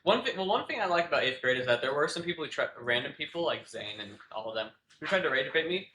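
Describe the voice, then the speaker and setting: Teen boy podcast co-host, rambly, lots of fillers, bright tone, roomy echo. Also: a little high, sing-song, quick pace. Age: teens. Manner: rambling, many fillers and restarts, laughs often. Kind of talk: casual chat. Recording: echoey room with faint noise.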